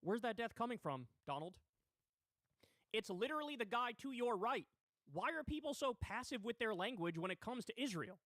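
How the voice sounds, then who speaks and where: Very high-pitched and extremely animated, the man speaks at normal speed in a fairly bright tone. He runs a political commentary livestream, swearing in heated indignation, captured in a dry, clean studio recording.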